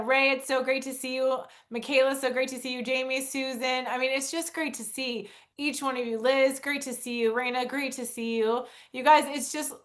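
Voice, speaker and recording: A woman's voice: fairly high pitch, a bit bright. A woman hosting a video call in an upbeat way, greeting attendees by name. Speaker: host.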